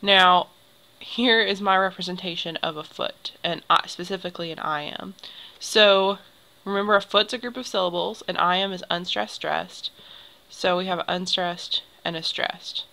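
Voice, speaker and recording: A woman's voice: on the low side, fairly even intonation, moderate pace, vocal fry, sharp tone, low-quality recording. A young woman teacher explaining poetry to a class, patient and step by step. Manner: explains patiently, draws symbols while talking.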